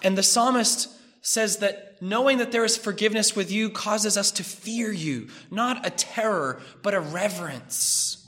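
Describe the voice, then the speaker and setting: A man preaching a sermon, measured and emphatic, building through repeated phrases. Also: sits high, fairly bright tone.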